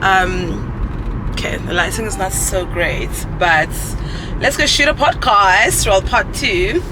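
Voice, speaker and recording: A woman's voice: mid-range voice, takes it slowly, background noise. A South African woman in her thirties, chatting casually to her phone camera while on the move, thinking aloud with fillers. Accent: South African English. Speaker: vlogger. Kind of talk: casual vlog chat. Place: in a car and outdoors on the move.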